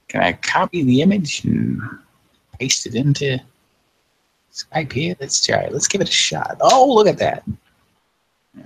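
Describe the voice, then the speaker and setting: A tired man in his thirties hosts a late-night show, his voice very low with a gravelly fry. He chats loosely, thinks out loud and chuckles often, recorded close and dry. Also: no echo. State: tired, yawning. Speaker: podcast host. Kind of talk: casual live-show chat.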